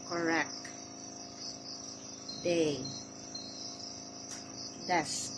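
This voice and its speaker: A woman with a Filipino accent teaching sign language, saying each vocabulary word slowly and repeating it several times. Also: lowish voice. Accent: Filipino (Cebuano). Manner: slow and deliberate, calling out single words. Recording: clear background noise of crickets and insects.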